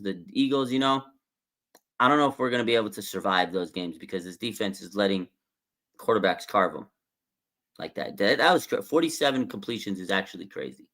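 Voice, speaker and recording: A man hosting a live fan stream, talking casually and excitedly in a rambling way about his team's game. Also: mid-range voice. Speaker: sports fan stream host. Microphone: streaming desk mic.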